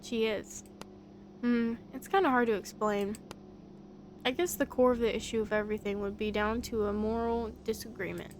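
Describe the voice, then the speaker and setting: A woman's voice: fairly high pitch, normal speed, a little mellow, slight background noise, natural voice. Laid-back gossipy young man from a game, slangy delivery, read by a woman. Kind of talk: voice-acting a visual novel.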